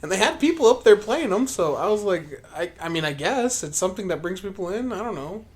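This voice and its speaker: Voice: medium pitch, big pitch swings, a little fast, a little mellow, slight background noise. A podcast co-host telling a story in casual chat, rambling and profane with lots of fillers, acting out their own past remarks in a livelier voice.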